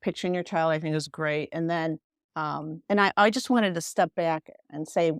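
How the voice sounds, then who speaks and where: Low, gravelly-voiced woman, gentle and reflective. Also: fairly even intonation, moderate pace, dry recording, studio quality. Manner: gentle, reflective, many "you know" fillers. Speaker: podcast guest on mindfulness. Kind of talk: casual interview talk.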